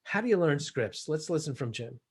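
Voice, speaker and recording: A man's voice: fairly high pitch, lively intonation, fairly quick, slightly rough. A man presenting a live workshop, speaking emphatically and addressing the audience directly. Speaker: sales trainer.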